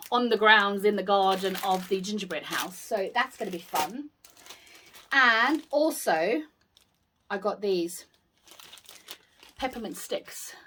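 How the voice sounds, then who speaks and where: A woman's voice: medium pitch, fairly bright tone, a little hiss or hum. A British woman chatting casually in a shopping haul video, gushing and exclaiming over each item she shows. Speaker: haul vlogger.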